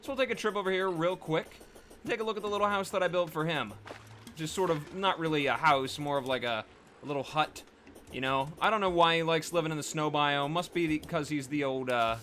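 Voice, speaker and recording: A man's voice: on the high side, fairly bright tone. A man giving casual, rambling gameplay commentary as a let's play host, chatty and full of fillers.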